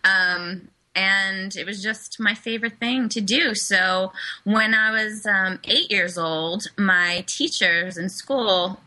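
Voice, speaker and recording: A woman who is a guest photographer, telling her story in a chatty, lively way. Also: mid-range voice, slow pace, poor audio. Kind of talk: interview conversation.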